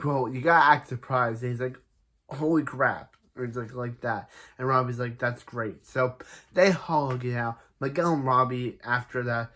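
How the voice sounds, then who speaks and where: A man's voice: medium pitch, a bit bright. A man casually recapping a TV episode, rambling and restarting sentences, paraphrasing each character with "he's like". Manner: laughs at a character's name.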